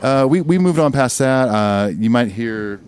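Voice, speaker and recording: A man's voice: medium pitch, expressive, a little slow, darkish tone, clean tone. A man co-hosting a podcast in casual chat, friendly and chatty as he gives advice. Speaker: podcast co-host.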